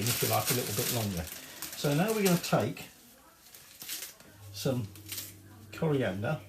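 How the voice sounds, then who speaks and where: A man's voice: mid-range voice, gravelly, roomy sound, background noise. A man giving a casual cooking demonstration in his home kitchen, chatty and rambling, with cheeky swearing. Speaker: home cook.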